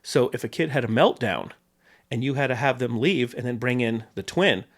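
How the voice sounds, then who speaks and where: A man of ordinary, mid-range pitch tells stories from film sets as a podcast guest. He is animated and often restarts or repeats a word before pressing on. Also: normal speed. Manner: animated storyteller, frequent restarts and repeated words. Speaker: guest, film property master. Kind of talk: anecdotal podcast storytelling.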